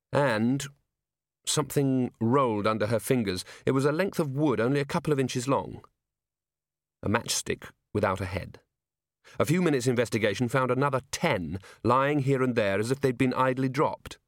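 A man narrating a novel as an audiobook in a measured storytelling manner. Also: mid-range voice, no echo, studio quality. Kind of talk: scripted narration.

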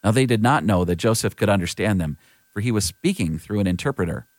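A man with a fairly low voice reads scripture aloud in a measured, even way. He is close to the mic. The sound is dry, with no room echo. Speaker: scripture reader. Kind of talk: scripture reading.

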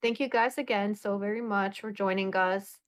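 A woman's voice: medium pitch, fairly even intonation, moderate pace. A woman co-hosting a podcast, chatting playfully and quoting others. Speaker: podcast co-host. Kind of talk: casual chat.

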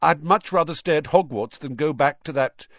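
A man's voice: fairly high pitch, moderate pace, a bit bright, dry recording, muffled recording, pitched above the performer's own voice. A man voicing a polite, nervous teenage boy wizard in a storybook reading. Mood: guarded. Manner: polite, tense.

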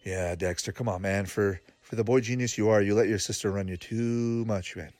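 In his casual cartoon watch-along, a commentator speaks in a fairly low, steady, slightly mellow voice at normal speed with no echo. He laughs a lot and thinks out loud, filling gaps with fillers.

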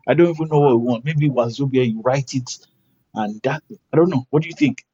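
A man's voice: medium pitch, a little fast, warm tone, husky, no room sound, natural voice. A man voicing an eager restaurant owner who rambles and repeats himself. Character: eager male restaurant owner, talking fast and pleased. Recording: dull lo-fi recording.

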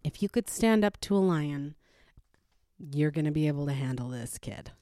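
A woman's voice: low-pitched, expressive, normal speed, dark tone, no room sound, studio quality, voice pushed down. A woman quoting a wise old village woman while retelling a folktale, in nearly her own voice. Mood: knowing.

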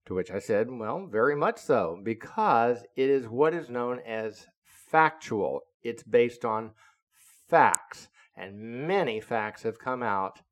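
A man in his seventies, a retired naval officer, telling a story in an indignant, deliberate, lecturing way. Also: mid-range voice, lively intonation. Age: 70s. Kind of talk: casual storytelling monologue.

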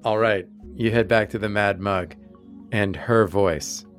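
A man's voice: lowish voice, measured pace, soft background music. A man narrating as game master of a tabletop game, explaining rules patiently and steering the scene.

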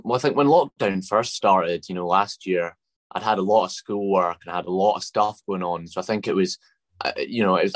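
A young man with a mild Scottish accent speaks in a low, deep register. He is a relaxed, modest guest, and the sound is dry and close with no room around it. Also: no echo. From Scotland. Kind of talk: casual interview.

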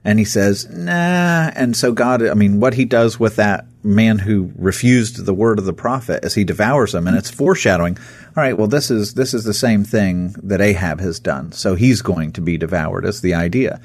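A man's voice: on the low side, normal speed, darkish tone, dry recording. A man co-hosting a casual Bible discussion, talking animatedly and acting out quoted speech.

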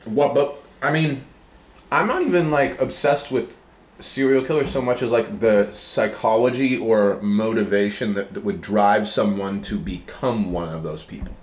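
A man's voice: lowish voice, normal speed. A man co-hosting a podcast, chatting casually, blunt and profane and full of questions. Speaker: podcast co-host. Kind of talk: casual chat. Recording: echoey room.

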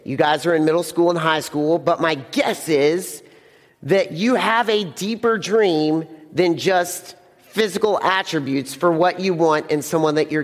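A man's voice: a little high, long reverb tail. A young man preaching a casual sermon to teenagers as a youth pastor, often repeating words and acting out the scene.

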